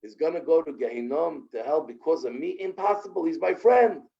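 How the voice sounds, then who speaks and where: A man's voice: fairly high pitch, lively intonation, brisk, creaky, highs cut off, voice pushed up. A man voicing a humble poor man who pleads for help. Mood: earnest.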